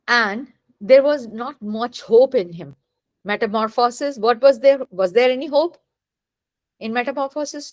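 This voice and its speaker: A literature teacher, a woman with a fairly high voice, gives a classroom lecture in a deliberate manner. She often asks rhetorical questions to make sure the students follow, and the recording is dry.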